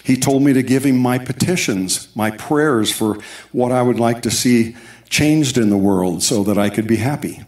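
A man's voice: mid-range voice, normal speed, a little mellow. A man giving a sermon testimony, telling his story with asides and quoted dialogue, recorded in a church sanctuary. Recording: echoey church hall.

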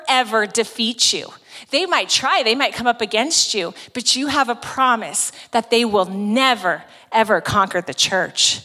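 Speaking at a women's gathering, this ministry speaker gives an emphatic, conversational sermon retelling scripture. She sounds high-ish, pushed and bright, with lively intonation at normal pace, echoing through a large hall's long reverb.

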